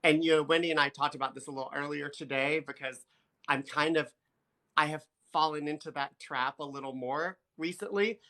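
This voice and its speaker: A bright, clear-toned man chats on a phone live stream. He talks casually, laughs often and reads viewer comments aloud. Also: fairly high pitch, a little fast.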